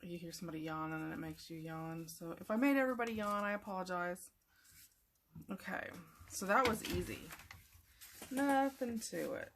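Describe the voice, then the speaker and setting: Chatty low-voiced woman crafting. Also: moderate pace, slight background noise. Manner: chatty and meandering, talking to viewers while working. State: yawning, sleepy. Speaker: craft tutorial host. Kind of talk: casual crafting tutorial.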